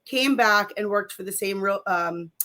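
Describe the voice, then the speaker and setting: A woman in her forties, a guest in a casual interview, chatty and a little hoarse from a recent cold. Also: mid-range voice, a little slow, sharp tone. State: slightly hoarse from a chest cold.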